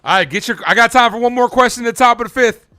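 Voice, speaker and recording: A man hosting a live baseball stream, chatting casually with viewers while calling the pitches in an animated way. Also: very fast, soft background music. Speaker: live play-by-play streamer and host.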